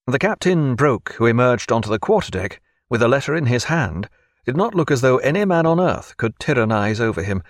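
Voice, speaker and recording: A man narrating an audiobook in an expressive, measured storytelling manner. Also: mid-range voice, no echo, studio quality.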